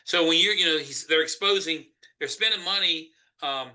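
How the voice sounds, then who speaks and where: A man's voice: fairly high pitch, normal speed. A man with a Southern US accent, speaking emphatically as a Senate candidate in a political interview. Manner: emphatic, forceful argument.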